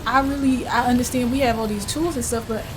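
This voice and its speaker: A young woman narrates her gameplay in an excitable, slangy way, exclaiming and fretting as she goes. Her voice sits fairly high, and loud game sounds with engine rumble fill the background. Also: fast. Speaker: gaming streamer. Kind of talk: gameplay commentary. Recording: loud game audio behind. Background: vehicle and ambient game sounds.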